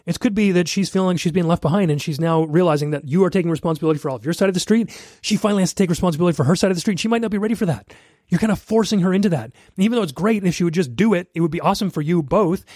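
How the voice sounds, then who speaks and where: A man's voice: a little high, quick pace, darkish tone, husky, dry recording, studio quality. A man in his thirties hosting a solo podcast, giving blunt coaching advice straight to his listeners. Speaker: podcast host.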